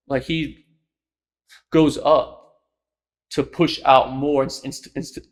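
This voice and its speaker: A young man hosting a lecture series, giving thoughtful, analytical commentary in a casual spoken style with pauses between phrases. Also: on the high side, fairly even intonation. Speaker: host of a speech lecture series.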